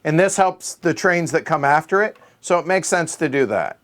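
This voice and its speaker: A man's voice: on the high side, animated, normal speed, fairly bright tone. A middle-aged man playing a solo board game, counting aloud under his breath and correcting himself as he thinks. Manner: muttering, self-correcting. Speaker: board game show host.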